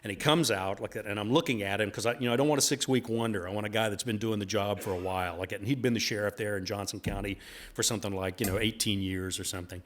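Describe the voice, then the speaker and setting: A man's voice: on the low side, fairly even intonation, quick pace, a bit bright. A middle-aged man telling a folksy, rambling story at a bookstore talk, with plenty of fillers along the way. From United States. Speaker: author giving a talk.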